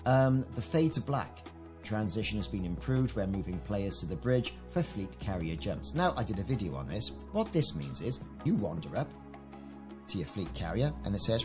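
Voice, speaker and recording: A man's voice: fairly low pitch, very animated, moderate pace, music in the background. A British man giving casual commentary on a game update, reading out patch notes and adding chatty, enthusiastic asides. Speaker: gaming video creator.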